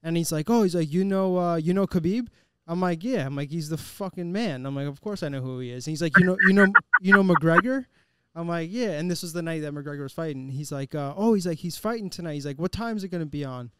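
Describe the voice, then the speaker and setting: A man's voice: a little high, expressive, fast, few pauses, background noise. A man on a podcast telling a funny story in a loose, laughing way. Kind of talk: casual storytelling chat.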